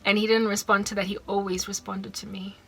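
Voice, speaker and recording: A woman's voice: medium pitch, little pitch movement, fairly quick, fairly bright tone, husky. A woman from South Africa with a South African accent, telling a personal story on her vlog, emotional and repeating herself as she quotes the people involved. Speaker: vlogger.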